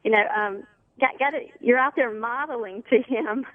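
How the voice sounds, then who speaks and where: A woman counselor calling in to a radio show, calmly explaining how to handle anger. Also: fairly high pitch, moderate pace, no room sound. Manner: calm, explanatory. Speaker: anger management counselor, guest. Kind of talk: advice on a radio call. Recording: tinny phone line.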